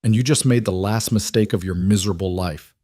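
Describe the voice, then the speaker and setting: A man voicing a grim mountain-man veteran who speaks with deadly calm. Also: fairly low pitch, a little fast, no echo, studio quality, natural voice. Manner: calm, menacing.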